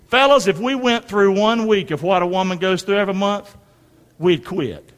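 High-voiced preacher in a reverberant church. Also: male voice, moderate pace, a bit bright, slight background noise. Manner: emphatic, call-and-response with congregation. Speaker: pastor. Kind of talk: sermon. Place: church sanctuary. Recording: long hall reverb.

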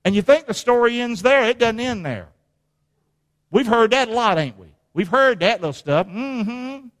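A man preaching a sermon, animated and calling on the congregation to answer back. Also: extremely high pitch, normal speed. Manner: animated, call-and-response with the congregation. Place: church hall. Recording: long hall reverb.

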